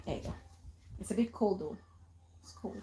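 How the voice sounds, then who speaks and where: A woman hosting a casual commentary vlog, animated and emphatic, who repeats her key phrases and turns soft and coaxing when she speaks to her child. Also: medium pitch, normal speed, slight background noise. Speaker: vlogger and show host.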